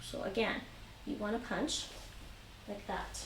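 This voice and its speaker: This woman leads a taekwondo class over a live stream from home, calmly repeating each instruction and counting out reps. She speaks unhurriedly at a medium pitch with a steady tone. Faint noise and a roomy echo come through the far-off mic.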